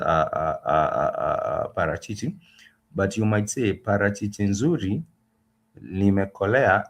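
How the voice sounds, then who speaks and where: A man teaching Swahili words in a livestreamed lesson, patient and repetitive, pausing often with filler sounds. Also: low-pitched, fairly bright tone.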